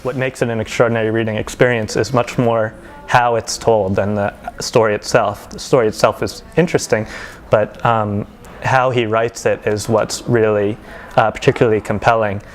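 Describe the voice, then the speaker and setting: A man's voice: fairly low pitch, steady tone, normal speed, soft background music. A literary translator talking casually about a novel he has translated. He stops often for ums and restarts. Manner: hesitant, many ums and restarts. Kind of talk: casual book presentation with commentary. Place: event setting with faint ambience.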